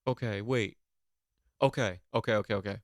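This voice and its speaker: A man hosting a podcast, going on an animated, mock-outraged comedic rant with plenty of swearing. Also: on the low side, moderate pace, no room sound, clean studio sound. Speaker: podcast host.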